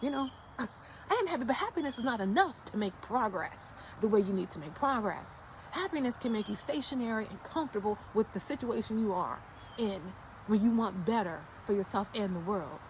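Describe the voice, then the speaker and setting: A fired-up American woman vlogging straight to camera, her voice sitting a touch high. She talks bluntly in slang and drives her points home through repetition. Faint background noise hums behind her. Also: lively intonation, brisk, low-quality recording. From United States. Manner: fired-up and insistent. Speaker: YouTube creator. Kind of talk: casual motivational rant to camera.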